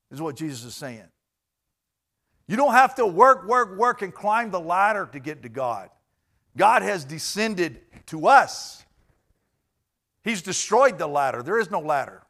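Preacher man with loud bursts. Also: sits high, very animated, measured pace. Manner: swings between loud emphatic bursts and quiet asides; speaks directly to the congregation. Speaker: pastor. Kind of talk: sermon.

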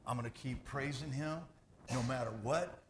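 A man preaching a sermon as pastor, animated and conversational, jumping from loud bursts to hushed asides. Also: medium pitch, moderate pace, noisy background.

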